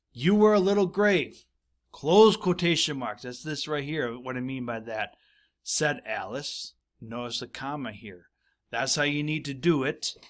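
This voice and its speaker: A man's voice: mid-range voice, fairly bright tone. A male teacher giving a recorded grammar lesson, explaining patiently, repeating his points and reading example sentences aloud.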